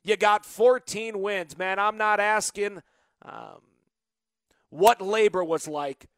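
Male sports radio host, excitable postgame talker, dry studio sound. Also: high-pitched, slow pace, no room sound. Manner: excitable, animated, talks up the win. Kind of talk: postgame call-in show talk.

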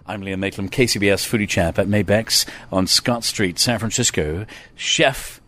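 A man's voice: fairly low pitch, normal speed, sharp tone. A man from Ireland hosting a food show, interviewing a chef in a restaurant in a chatty, playful way. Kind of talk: casual interview.

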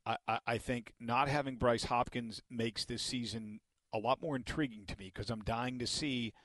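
A man's voice: mid-range voice, steady tone, normal speed, a bit bright, no echo. Emphatic male sports radio host. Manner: emphatic, makes points with repeated words. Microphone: studio microphone.

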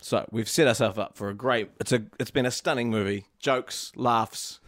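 A man's voice: mid-range voice, normal speed, a bit bright, no room sound, studio quality. A man co-hosting a comedy podcast, chatting and joking with plenty of restarts. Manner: rambling, jokey, frequent restarts. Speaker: podcast co-host. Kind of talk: casual comedic chat.

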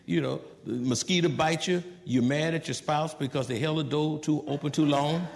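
Pastor, male, gravelly and fairly high voice, animated sermon delivery, long hall reverb. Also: moderate pace, a little hiss or hum. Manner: swings from hushed to loud, animated preaching with quoted asides.

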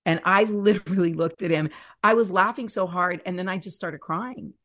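Earnest, lower-voiced woman telling faith stories. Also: moderate pace. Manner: earnest, animated storyteller who stretches key words. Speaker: guest, author and speaker. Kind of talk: faith-centered interview talk.

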